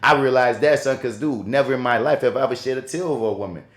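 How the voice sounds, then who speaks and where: A man's voice: mid-range voice, quick pace. A man co-hosting a podcast in casual chat, telling stories with heavy slang and plenty of swearing. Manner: profane, emphatic slang-heavy storytelling. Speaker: podcast co-host. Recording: roomy echo.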